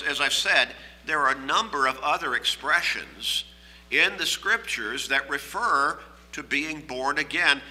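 A man preaching a sermon, teaching in a measured way and reading scripture aloud with emphasis. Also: a little high, bright, forceful tone, big-room sound, poor audio.

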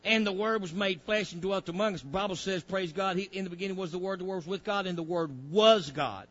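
High bright-voiced preacher. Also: male voice, fairly quick, lo-fi sound, soft background music. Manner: calls and asides to a reader, acts out pleading voices, folksy grammar. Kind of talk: fiery sermon.

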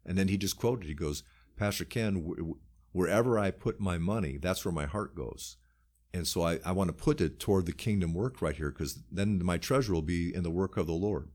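A man's voice: sits low, a little fast, darkish tone. A man who is a pastor, talking earnestly in a casual faith discussion and quoting scripture as he goes. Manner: earnest, quotes scripture often.

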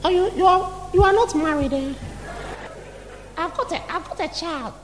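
Brief: a fussy, giggly wife, very high voice, long hall reverb, put on by a preacher. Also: male voice, normal speed. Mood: gushing. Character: doting married woman, chatty and house-proud. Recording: long hall reverb, faint room noise.

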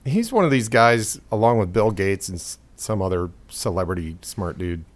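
A man's voice: on the low side, lively intonation, normal speed. A man co-hosting a casual podcast chat, rambling through jokes and opinions and laughing often. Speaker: podcast co-host.

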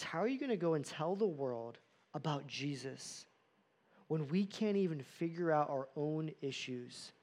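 An earnest man preaching a sermon from the pulpit. His voice sits a touch higher than most men's. He asks his listeners plenty of rhetorical questions. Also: a little mellow. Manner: earnest, uses rhetorical questions and acted-out quotes. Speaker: pastor.

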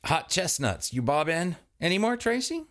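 A man voicing a brash, foul-mouthed young party host in a high, shouty, exasperated voice. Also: very animated, normal speed.

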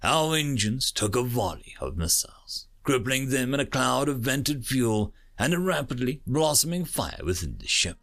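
A man narrating a dramatic first-person story, sometimes dropping into hushed tones. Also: medium pitch, very animated, moderate pace, hardly any pauses. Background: faint music.

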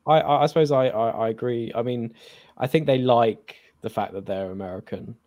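A man's voice: medium pitch, fairly quick, darkish tone, dry recording, clean studio sound. An English man co-hosting a podcast, chatting casually about a film with many fillers and restarts. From England. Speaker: podcast co-host.

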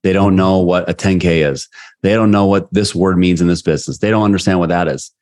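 Deep-voiced man telling candid stories. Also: fairly even intonation, a little fast, darkish tone. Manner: candid, anecdotal, retells conversations. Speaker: podcast guest, sales leadership coach. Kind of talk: casual interview storytelling.

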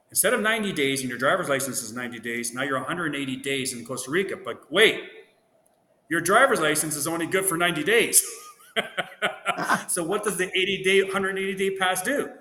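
A man's voice: fairly high pitch, brisk, pushed and bright. A man from Ontario, a guest, telling anecdotes in casual chat and acting out the dialogue he quotes. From Ontario, Canada. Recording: roomy echo with long reverb, faint noise.

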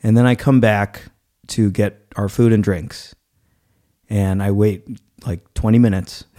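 A man in his thirties telling a story in casual chat as a podcast co-host, acting out the people he quotes. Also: unhurried. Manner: animated storytelling, acts out quoted people with rising pitch.

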